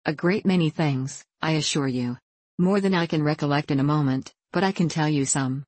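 A woman voicing a patient, sensible young woman who speaks calmly and reasonably in a storybook reading. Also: deep voice, moderate pace, no room sound. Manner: calm, reasonable.

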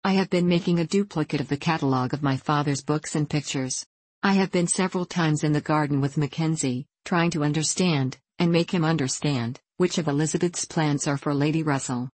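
A gentle, sensible young woman, as a woman reader puts her on speaks calmly and reasonably in a storybook reading. The voice is low and recorded dry and close. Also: fairly quick, dry recording. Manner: calm, reasonable.

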